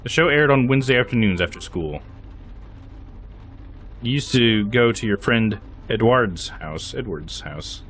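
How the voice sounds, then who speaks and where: A young man streaming a game, reading its text aloud with lively commentary and frequent laughs. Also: lowish voice. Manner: lively, laughs often, reads narration aloud.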